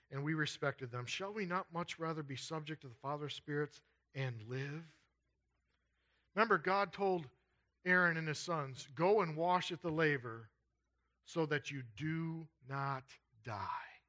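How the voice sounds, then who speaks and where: A man delivers a sermon, reading a passage of scripture aloud before applying it, his voice shifting between loud, urgent emphasis and quiet, low asides.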